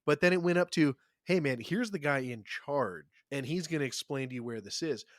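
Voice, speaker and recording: A man's voice: a little high, animated, brisk, no echo, clean studio sound. A man hosting a podcast in casual chat, easygoing and conversational. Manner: conversational, laughs along. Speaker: podcast host.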